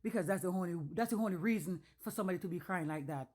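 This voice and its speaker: A woman telling a personal story casually, blunt, animated and full of swearing. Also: on the low side, very fast.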